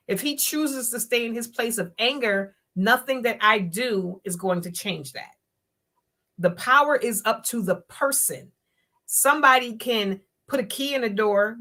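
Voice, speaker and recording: A woman hosts a live-streamed talk show in a fairly high voice. Her delivery is forceful and sharp. She argues emphatically, almost like a sermon. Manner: emphatic, preachy, acts out quotes in voices.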